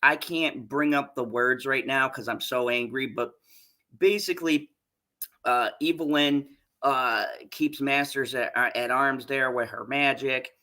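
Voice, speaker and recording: A woman's voice: extremely low pitch, a bit bright. A woman giving a profane, exasperated rant while reviewing a show.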